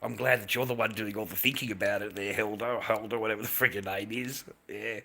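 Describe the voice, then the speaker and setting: A man's voice: on the low side, steady tone, fast, creaky, sharp tone, slightly rough. A middle-aged man, chatting casually to his livestream audience in a blunt, profane, rambling way with frequent laughs. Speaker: livestream host.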